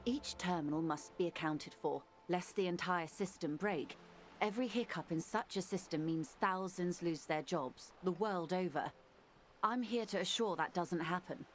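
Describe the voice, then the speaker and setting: A woman's voice: on the low side, slight background noise, natural voice. A woman voicing a poised corporate negotiator. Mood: measured. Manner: measured, articulate, formal. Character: composed corporate negotiator woman, middle-aged, measured. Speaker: game character. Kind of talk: video game voice acting.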